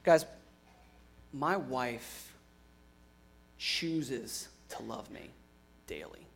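A young adult man preaching a sermon in an earnest way, moving from emphatic lines to quiet, hushed ones. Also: medium pitch, drawn-out words, creaky, a little hiss or hum. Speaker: pastor.

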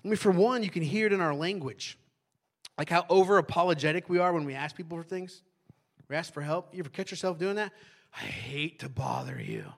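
A pastor with a high voice preaches fast to his congregation in a conversational style. He often asks the audience questions and tacks on "right?"

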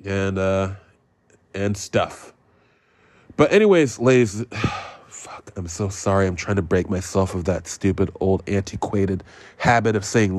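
Man, low-pitched, podcast host, profane ranting movie review, dry close sound. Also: unhurried, a little mellow, dry recording. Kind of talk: casual movie review rant.

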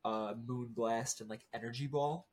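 A man's voice: medium pitch, moderate pace. Laid-back man rambling about strategy. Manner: relaxed, rambling, full of fillers. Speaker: podcast co-host. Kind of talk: casual chat about competitive game strategy.

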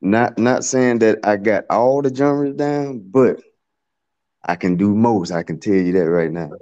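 A man's voice: lowish voice, a little slow, a little mellow, lo-fi sound. A man appearing as a guest music producer, talking in a laid-back, slangy and loose way. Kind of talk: casual interview talk.

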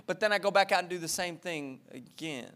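A man with a high, bright voice preaches with fervor, driving his points home through repetition. He speaks straight to his congregation as their pastor. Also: fairly quick, smooth. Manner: impassioned preaching with emphatic repetition; talks directly to the congregation. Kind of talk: sermon.

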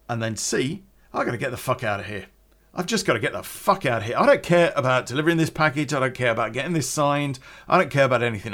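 A British man telling a personal anecdote casually, swearing often and restarting with plenty of fillers. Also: medium pitch. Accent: British English. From Britain. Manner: profane, animated, with many fillers and restarts. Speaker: storyteller.

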